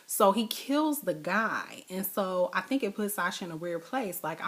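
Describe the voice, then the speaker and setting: A woman's voice: fairly low pitch, animated, normal speed. A woman giving a casual, rambling TV episode recap, full of fillers and asides. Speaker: TV show recapper.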